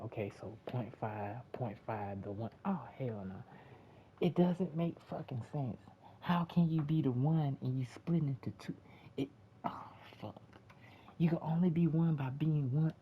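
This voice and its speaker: A man giving a profane, repetitive, exasperated casual movie review rant in a lo-fi home recording. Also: a little high. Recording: dull lo-fi with faint hiss.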